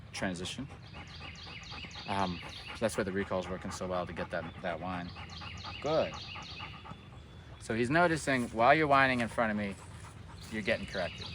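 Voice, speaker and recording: A man working as a dog trainer, explaining his methods in a relaxed way outdoors and often checking in with "right?". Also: on the low side, moderate pace, pauses often. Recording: distant mic outdoors, faint background noise.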